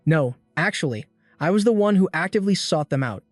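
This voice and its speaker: A man's voice: a little high, lively intonation, a little fast, no room sound, studio quality, faint music behind. A man voicing a worn-out, evasive middle-aged ship captain who explains things plainly, in a recap reading. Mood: weary.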